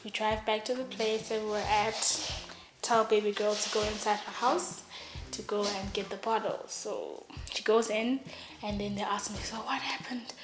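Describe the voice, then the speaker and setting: Young woman, casual comic storyteller, lively and playful, recorded in a roomy space. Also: medium pitch, normal speed, noisy background. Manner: animated, acts out every voice in her story. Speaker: vlogger. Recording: roomy echo.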